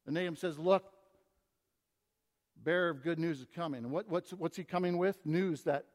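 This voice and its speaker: A man preaching a sermon, swinging between loud emphatic reading and quiet, low asides to his congregation. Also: moderate pace, pauses often. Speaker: pastor. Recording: long hall reverb.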